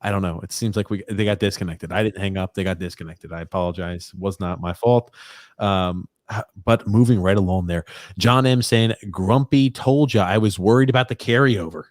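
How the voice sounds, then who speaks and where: A man's voice: sits low, moderate pace, dry recording, studio quality. A man hosting a sports podcast, laid-back and rambling, with many fillers, taking calls and reading comments. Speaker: podcast host. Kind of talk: casual sports chat.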